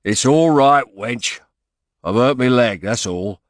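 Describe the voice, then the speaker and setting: An actor playing a rough young clerk who swears through pain, talking coarse and gruff in an audiobook. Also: male voice, mid-range voice, lively intonation, slow, dry recording, clean studio sound, pitched above the performer's own voice.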